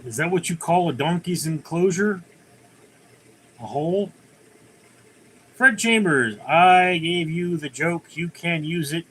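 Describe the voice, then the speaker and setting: A man's voice: fairly high pitch, slow, pauses often, a bit bright, a little hiss or hum. A man hosting his own livestream, chatting casually, rambling through jokes and reading viewer comments aloud from his computer at home. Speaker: livestream host.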